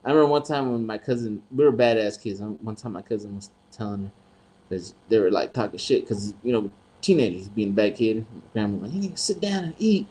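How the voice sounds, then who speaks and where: A man's voice: fairly low pitch, fairly quick, dark tone, low-quality recording. Swearing laid-back man telling stories. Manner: profane, laughing, swearing freely; acts out quoted people in raised voices. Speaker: podcast host. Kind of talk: casual storytelling.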